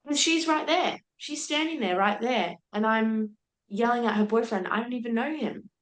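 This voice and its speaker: At a moderate pace and a slightly high pitch, a young woman guesting on a podcast tells a personal story with real animation. She laughs, voices what others said, and keeps it candid, all with a roomy echo in the recording.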